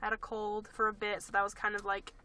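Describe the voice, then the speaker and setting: A woman's voice: medium pitch, quick pace. A young woman co-hosting a podcast in casual chat, a little congested from a recent cold, telling stories with lots of likes and acted-out asides. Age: young adult. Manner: chatty and animated, full of likes and acted-out asides. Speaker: podcast co-host.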